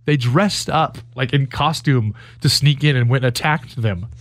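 A man's voice: mid-range voice, moderate pace, dry recording. A man hosting a casual chat from a studio, telling stories, laughing easily and asking the guest questions. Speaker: host.

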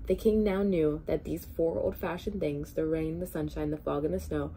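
A woman's voice: deep voice, moderate pace, slight background noise. A woman reading a children's storybook aloud expressively as a volunteer reader. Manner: expressive, animated read-aloud.

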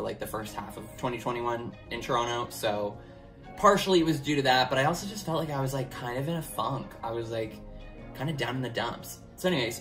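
A man's voice: medium pitch, a bit bright. A young man talking casually to his camera as a vlogger, candid and rambling, with many filler words. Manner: candid and open.

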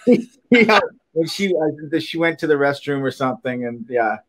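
An older man from Minnesota, a podcast guest, talking in a halting way with many fillers and soft laughs. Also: fairly high pitch, animated. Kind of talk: casual interview chat.

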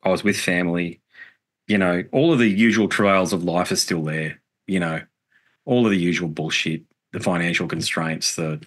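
Deep-voiced man, earnest storyteller. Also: fairly even intonation, moderate pace. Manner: earnest, reflective storytelling with casual swearing. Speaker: podcast guest, musician. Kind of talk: casual interview chat.

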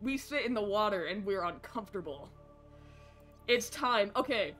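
An American woman streaming a video game with casual, excitable and profane commentary that often rambles. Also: medium pitch, moderate pace, faint music behind.

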